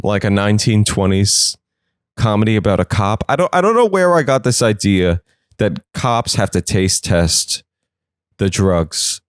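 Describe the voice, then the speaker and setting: A man's voice: lowish voice, no room sound, clean studio sound. A man from California hosting a comedy podcast, riffing crudely on news in a rambling, self-mocking way. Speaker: podcast host. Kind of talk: comedic monologue.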